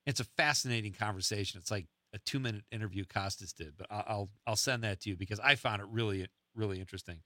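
A man hosting a radio show in casual chat, chatty and quick to laugh. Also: lowish voice, bright, forceful tone, no room sound, studio quality. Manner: chatty, laughs often, quotes lines playfully. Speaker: radio host.

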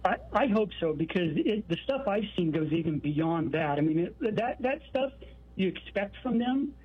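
A man's voice: high-pitched, lively intonation, moderate pace, breathy edge. A man calling in to a radio show, earnest and rambling. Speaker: caller. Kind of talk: phone-in call. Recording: tinny phone line.

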